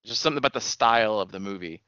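A man's voice: lowish voice, rapid-fire, lo-fi sound, crowd noise. A man co-hosting a podcast, chatting casually about movies in a rambling way and laughing often. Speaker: podcast co-host.

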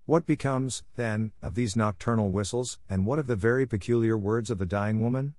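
A man's voice: on the low side, normal speed, darkish tone, dry recording, studio quality, close to an everyday voice. A man doing an unruffled, dryly ironic detective. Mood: calm. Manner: bland, unruffled.

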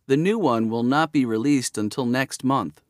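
Guy reading textbook example lines, mid pitch, dry sound. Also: moderate pace, dry recording. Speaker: speaker of example sentences. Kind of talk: reading vocabulary example sentences.

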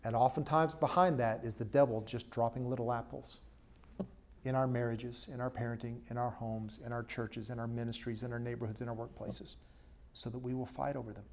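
During a church service, a male pastor preaches a sermon and then leads a prayer, speaking fairly quickly at medium pitch with mostly even intonation. He's emphatic, raising his voice for stress, sinking to an earnest hush and posing questions to the congregation.

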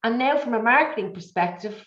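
Woman, middle-aged, candid, animated, repetitive, echoey room, dull sound. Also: fairly high pitch, a little fast. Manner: emotional, repetitive, animated storytelling. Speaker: guest, business coach. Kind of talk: candid conversational interview.

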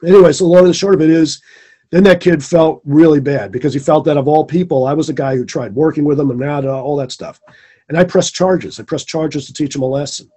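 A man's voice: fairly high pitch, fairly quick, warm tone, husky. A man, a former teacher, telling a personal story in an earnest, rambling way and repeating phrases for emphasis. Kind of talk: casual storytelling in conversation.

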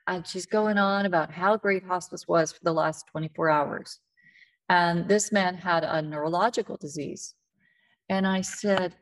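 A woman's voice: fairly low pitch, moderate pace. A woman in an interview who sounds weary and a little frustrated, telling stories in a candid, plain-spoken way. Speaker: end-of-life advocate, guest. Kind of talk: conversational storytelling interview.

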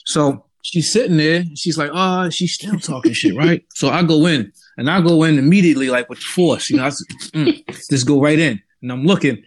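A young man with a higher voice, speaking at normal speed, hosts a podcast and tells a long story in casual talk, animatedly acting out its characters.

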